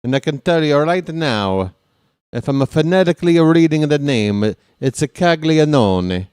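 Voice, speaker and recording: Unhurried between pitches, the fan commentator narrates the ballgame with dry, wry humor. The close, dry recording has no room sound and keeps his voice smooth and clear, though big hits set him off shouting with excitement.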